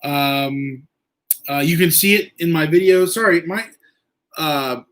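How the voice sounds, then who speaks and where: Male livestream host, slightly high voice, halting and filler-heavy. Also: a bit bright. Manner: rambling, halting, many fillers. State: eye irritated from injury. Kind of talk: casual livestream chat.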